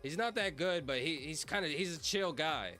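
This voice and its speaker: This young man streams from home with a fairly high, expressive voice at a moderate pace, his tone bright and forceful over soft background music. He chats casually in a rambling livestream, packing his talk with fillers and saying "like" and "bro" constantly.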